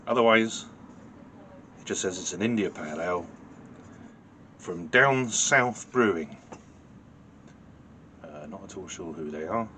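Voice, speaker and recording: A man from the United Kingdom reviewing a beer in a casual vlog, talking in a dry, understated way with many pauses and fillers. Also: sits low, lively intonation, bright, forceful tone, slight background noise.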